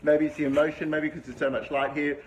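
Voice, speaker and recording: A man's voice: fairly high pitch, little pitch movement, fast talker. A middle-aged man hosting a live-streamed vlog from an indoor room, talking enthusiastically and greeting his viewers by name. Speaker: livestream host. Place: indoor room with a window view. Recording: noisy livestream audio.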